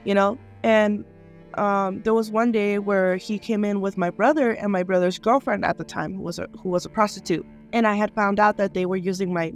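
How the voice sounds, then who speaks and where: A young adult woman sharing her life story in an interview, talking candidly and emotionally, full of "like" and "you know". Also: medium pitch. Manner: emotional, conversational, many "like" and "you know" fillers. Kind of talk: candid personal testimony.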